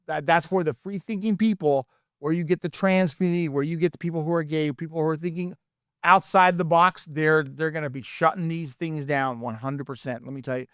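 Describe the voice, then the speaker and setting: A clear, smooth-voiced American man makes his points emphatically on a casual podcast, leaning in with knowing asides and checking in with his listeners again and again. The sound is dry and close. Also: fairly high pitch, brisk, a bit bright, no echo. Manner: emphatic, conspiratorial asides, keeps asking right?. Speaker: podcast co-host.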